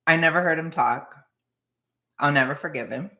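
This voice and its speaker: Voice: mid-range voice, moderate pace, pushed and bright. An anxious, jittery streamer chatting casually with viewers in a rambling way and laughing often. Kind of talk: casual livestream chat with viewers.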